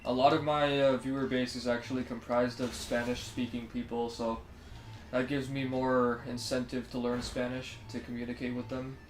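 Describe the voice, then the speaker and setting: A man's voice: mid-range voice, little pitch movement, moderate pace. A man with a Canadian accent, chatting casually on a live stream and answering his viewers in a friendly, easygoing way. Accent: Canadian English. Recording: roomy sound with faint music.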